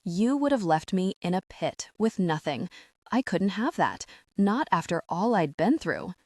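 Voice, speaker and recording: A woman voicing a smug, scheming woman who speaks slowly and mockingly in an audiobook. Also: lowish voice, sing-song, darkish tone, no room sound, clean studio sound. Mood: cold. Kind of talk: audiobook narration.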